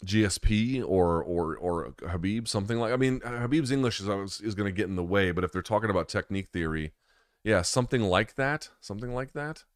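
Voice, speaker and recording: Male stream host, low voice, dry close sound, candid and profane, off-the-cuff. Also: expressive, a little fast, dry recording. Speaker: host answering viewer questions. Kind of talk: casual live-stream chat.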